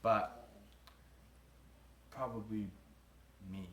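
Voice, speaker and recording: A man's voice: lowish voice, fairly even intonation, drawn-out words, fairly bright tone. A young man, a groom-to-be, answering interview questions in a casual, rambling way, trailing off and laughing between thoughts. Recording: roomy echo.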